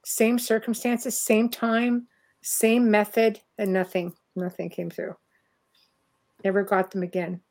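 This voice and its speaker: A middle-aged woman with a Canadian accent, chatting away over a video call. She talks at an easy, ordinary pitch and breaks into laughter often as she tells her story. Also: little pitch movement, slow, a little mellow. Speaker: host. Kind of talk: casual chat on a video call.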